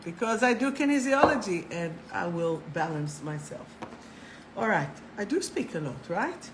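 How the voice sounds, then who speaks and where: A woman hosting a live spiritual talk, chatty and animated, swearing casually and laughing at herself. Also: mid-range voice, a little hiss or hum, poor audio. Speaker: spiritual coach and live show host.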